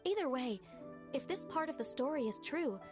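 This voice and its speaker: An actress playing a gentle, shy young woman who speaks softly and hesitantly, with little pauses. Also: sits high, lively intonation, music in the background. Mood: earnest. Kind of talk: game voice acting.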